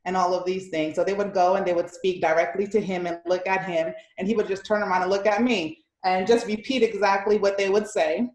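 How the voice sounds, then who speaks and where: A woman recounting her experiences on a panel in a measured way, with frequent fillers. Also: fairly low pitch, fairly even intonation. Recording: roomy echo.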